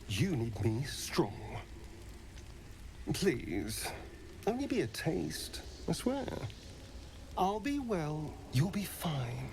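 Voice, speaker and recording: An actor playing a pleading, seductive male vampire companion in video game dialogue, soft and coaxing. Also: fairly high pitch, heavily acted. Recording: game audio under background noise.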